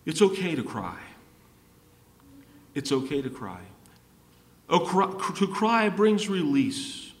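Male preacher, slow and drawn out, animated pitch, long hall reverb. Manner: repetitive, rising to emphatic peaks and dropping low. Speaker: pastor. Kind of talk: sermon. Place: church hall. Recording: echoey hall from far off.

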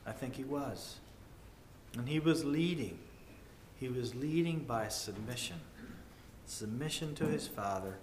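Male preacher, slow and earnest, rises loud then drops to a hush; echoey church room with faint background hum. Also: mid-range voice, expressive. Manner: measured, earnest, with sudden swings between loud and hushed. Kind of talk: sermon.

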